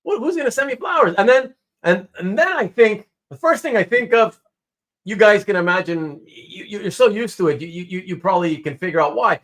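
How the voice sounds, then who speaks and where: A man with a high, very lively voice hosts a relaxed live stream from home. He chats with viewers by name and tells stories in an animated way, voicing each person's lines as he goes. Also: moderate pace. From Canada. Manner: animated storytelling, acts out quotes. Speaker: host.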